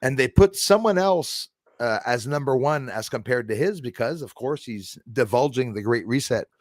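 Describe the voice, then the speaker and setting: A man's voice: medium pitch, animated, moderate pace, dry recording, studio quality. A man who is a comedian hosting a live stream, chatting in a jokey, rambling way and laughing at his own lines. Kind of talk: casual live-stream chat.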